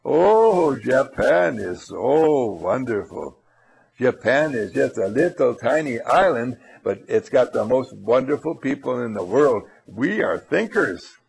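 A man's voice: medium pitch, very animated, slow pace, gravelly, darkish tone, slightly rough, exaggerated voice. A man voicing a proud young Japanese schoolboy within a told story, speaking earnestly.

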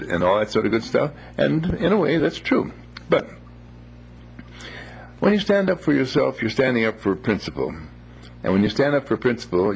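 A man telling a moral story in a gentle, unhurried, folksy way, with homely phrases. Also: lowish voice, gravelly, slightly rough.

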